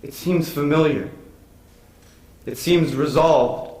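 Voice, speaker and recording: A man performs a lonely, brooding actor musing to himself on stage. His slightly high voice unfolds slowly and wistfully, echoing in a large room with faint room noise. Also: darkish tone. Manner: slow, musing, wistful delivery. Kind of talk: stage monologue. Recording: echoey stage recording.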